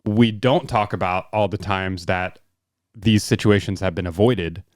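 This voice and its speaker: A man's voice: sits low, unhurried, no echo, studio quality. A man co-hosting a podcast, in casual political chat with chuckling asides. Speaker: podcast co-host.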